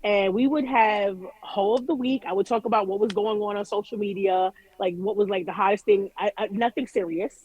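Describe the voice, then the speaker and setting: A woman guest in an interview, telling stories in an animated way, with frequent restarts and casual swearing. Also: medium pitch, fairly quick, hardly any pauses, husky, dull audio. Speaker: guest artist.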